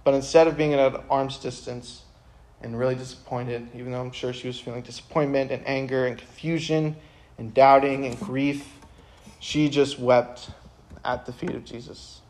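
A man's voice: mid-range voice, fairly even intonation, normal speed, darkish tone. Young guy doing a youth group talk, casual and earnest, lots of ums, gets fired up at times. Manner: casual, earnest, lots of fillers, bursts of energy. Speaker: youth speaker. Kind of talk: youth talk to high school students.

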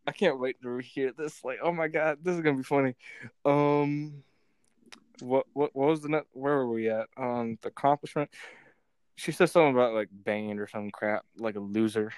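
A man's voice: medium pitch, moderate pace, darkish tone, clean tone, no echo. Giggly young man rambling on a podcast. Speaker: podcast host. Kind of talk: casual chat.

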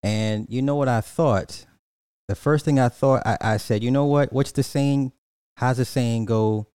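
A man's voice: mid-range voice, a little slow, darkish tone, clear, resonant tone, dry recording, clean studio sound. A man livestreaming in casual slang, joking with and roasting the people in his chat.

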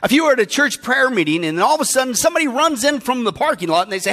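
A male pastor delivers a sermon in a strikingly high, bright voice. He tells an imagined story and presses the listeners with repeated rhetorical questions. His delivery is animated throughout. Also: rapid-fire.

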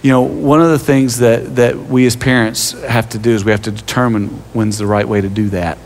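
A man's voice: mid-range voice, steady tone, a little fast, a little hiss or hum. A man preaching a sermon as pastor, telling personal stories with self-deprecating humor and stumbling restarts. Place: church sanctuary. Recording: long reverb of a large hall.

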